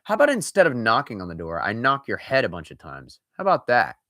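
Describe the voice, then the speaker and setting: A man's voice: medium pitch, huge pitch swings, fast talker, bright, forceful tone, no echo, clean studio sound, pitched above the performer's own voice. A man voicing a mean, bored schoolboy bully who taunts and sneers. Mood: menacing.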